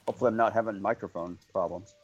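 A low-voiced man speaking as a guest author, agreeable and hesitant, with frequent fillers. He comes through a dull, lo-fi remote mic that sounds dry and muffled. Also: fairly even intonation, very fast, breathy edge, dry recording, faint music behind. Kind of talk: casual interview chat.

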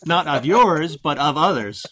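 A man's voice: fairly high pitch, animated, a little slow, pushed and bright. A man hosting an online show, chatting casually and joking as he rambles. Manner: jokey, rambling. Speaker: podcast host. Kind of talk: casual chat.

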